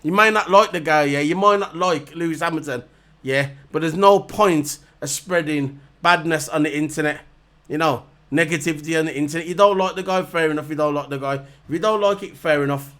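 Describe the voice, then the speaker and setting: A man, voice pitched high and bright, launches into a casual rant to camera. He sounds heated and mocking, hammering the same points again and again. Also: a little fast. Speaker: vlogger reviewing races. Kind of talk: ranting casual monologue to camera.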